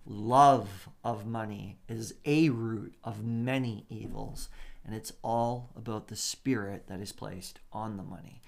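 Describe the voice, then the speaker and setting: A man preaching a sermon, lively and conversational, with asides and short laughs as he acts out the quotes. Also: on the low side, slow pace, vocal fry. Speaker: pastor.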